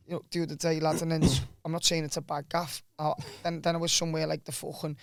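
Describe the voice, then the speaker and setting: A man's voice: on the high side, flat delivery, fast, dry recording, studio quality. A man with a Scouse accent, chatting casually on a podcast, sweary and loose, tagging "lad" onto his sentences. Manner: loose, sweary, peppers talk with "lad" and "you know what I mean". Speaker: musician and comedian guest.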